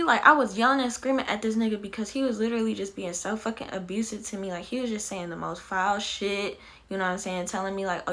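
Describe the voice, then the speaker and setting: Young woman vlogger, higher voice, crisp and bright, candid and profane storytelling. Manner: animated, blunt and profane, many fillers.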